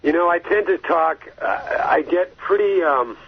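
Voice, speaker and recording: A man talks over a tinny phone line, his voice a touch husky and pitched a little high. He gets wound up, rambling and restarting his sentences as he goes. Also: a little slow. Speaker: guest. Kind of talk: casual phone-in talk.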